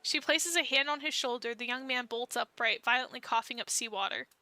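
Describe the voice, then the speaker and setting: A young woman streaming a dating-sim game, reading its story aloud with feeling and jumping in with excited reactions. Her voice is bright, smooth and a touch high, recorded close and dry with faint game music underneath. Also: a little fast, no room sound.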